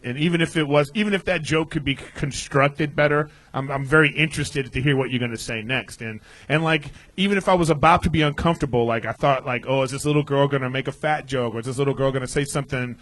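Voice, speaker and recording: Guy critiquing a comic's set, bright tense voice, stammery encouraging talk. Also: mid-range voice, quick pace, hardly any pauses, dry recording. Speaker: guest comedian giving feedback. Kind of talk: panel critique. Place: comedy club stage.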